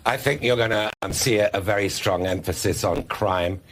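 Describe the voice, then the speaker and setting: A British man, a newspaper reporter, answering as a TV news guest with halting speech and many ums. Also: on the low side, fairly bright tone, a little hiss or hum. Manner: halting, lots of ums and restarts.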